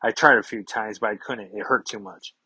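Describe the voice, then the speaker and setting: A man reading the lines of a gruff, blunt male mutant fighter from a comic in his own low, husky voice. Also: fairly even intonation, a little fast, bright, forceful tone, no echo, heavily acted, poor audio. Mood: grim.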